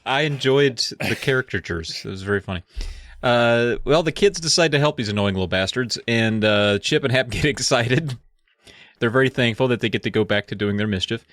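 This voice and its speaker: A man co-hosting a casual podcast, recapping a book in a relaxed way with many fillers. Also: mid-range voice, brisk, no echo, clean studio sound. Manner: laid-back, lots of uh fillers. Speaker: podcast co-host.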